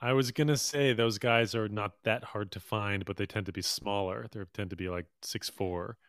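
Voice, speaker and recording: Man, lowish voice, dry close sound, easygoing basketball opinions. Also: fairly even intonation, moderate pace, fairly bright tone, clean tone, no echo. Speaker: podcast co-host. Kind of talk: casual basketball chat.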